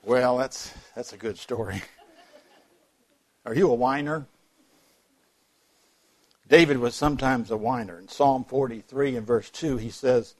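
A man's voice: mid-range voice, unhurried, pauses often. A man preaching a sermon in a church, telling folksy stories and joking with the congregation. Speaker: pastor.

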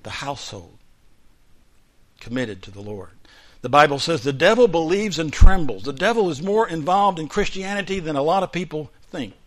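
A man delivering a sermon from the pulpit with a slightly high voice. He shifts from booming declarations to hushed, intimate asides. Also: expressive, normal speed. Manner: dynamic preaching, swings from loud declarations to hushed asides. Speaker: pastor.

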